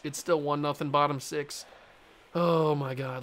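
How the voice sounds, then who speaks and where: A young man giving casual commentary while playing a baseball video game, excitable and repeating himself as he swings between groaning and cheering. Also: fairly high pitch, measured pace, slight background noise. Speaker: gaming YouTuber. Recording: game music underneath.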